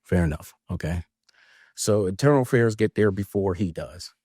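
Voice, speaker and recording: Man, low voice, animated storyteller, dry close recording. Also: normal speed, breathy edge, dry recording. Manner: animated retelling, acts out quoted voices. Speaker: podcast co-host, former officer. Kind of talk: storytelling in casual conversation.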